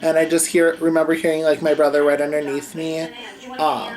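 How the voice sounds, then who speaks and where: A man's voice: fairly high pitch, flat delivery, a little fast, a little mellow, low-quality recording. A young man telling a personal story at home in a vlog, rambling with many fillers and asides. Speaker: vlogger. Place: home bedroom with a TV on.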